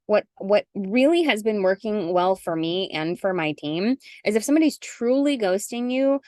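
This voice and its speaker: Brief: middle-aged woman sales coach, chatty and animated, dry close video-call mic. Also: mid-range voice, normal speed, no room sound. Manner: chatty, animated, acts out sample messages. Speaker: guest coach. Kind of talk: casual zoom call.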